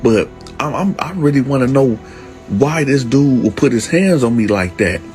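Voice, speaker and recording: A streetwise man tells a prison story in a casual, emphatic way, mid-pitched and plain. He keeps turning to his listeners as he goes. Soft music plays faintly underneath. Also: expressive, moderate pace. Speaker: storyteller, channel host.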